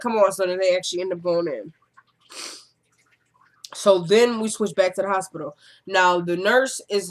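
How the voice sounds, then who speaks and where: In a casual TV episode recap, a woman with a medium-pitched voice chats along, acting out the characters' lines in quick quotes and adding exasperated asides.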